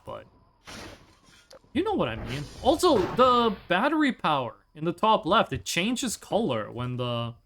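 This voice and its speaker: Young male streamer, high and animated, casual profane storyteller. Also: slight background noise. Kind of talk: casual chat while gaming.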